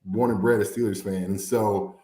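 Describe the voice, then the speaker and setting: A man from the American Midwest telling a story in an interview, animated and laughing often as he acts out quotes. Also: fairly low pitch, normal speed. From Fort Wayne, Indiana. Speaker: former NFL player, guest. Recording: echoey room.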